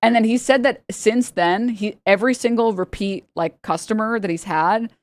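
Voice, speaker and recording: A woman's voice: on the high side, moderate pace, no echo. A woman streamer telling a rambling story in casual chat, laughing often and mimicking the people in it. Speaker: livestreamer. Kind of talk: casual storytelling to a live audience.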